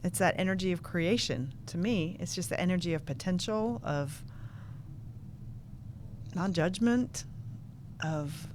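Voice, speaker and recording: Soft-spoken woman groping for words. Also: on the low side, a little slow, pauses often, slight background noise. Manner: searching for words, hesitant, soft. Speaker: host. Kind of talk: casual spiritual chat.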